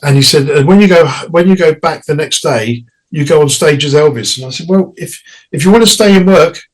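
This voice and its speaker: Pitched on the high side and captured in a low-quality recording, a middle-aged singer chats as an interview guest. He tells stories loosely, laughing, with restarts and brief asides in quoted voices.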